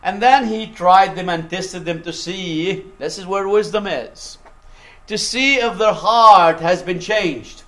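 High-voiced man preaching a story. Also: slow pace. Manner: animated retelling with laughter and acted quotes. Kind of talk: sermon storytelling.

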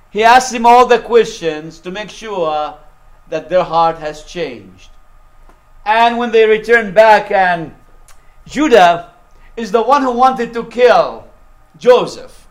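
A man preaching a sermon, retelling a story animatedly and acting out its quotes. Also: high-pitched.

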